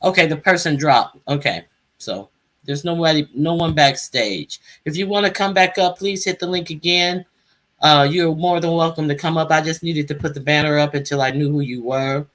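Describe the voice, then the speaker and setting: A woman's voice: low voice, normal speed. A woman hosting a casual live stream, chatting and calling guests up to speak. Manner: chatty, calls out guests by name.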